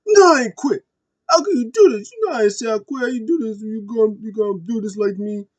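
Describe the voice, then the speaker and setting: A man putting on the voice of an emotional young wrestler, pleading in a high, strained voice close to tears. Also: fast talker.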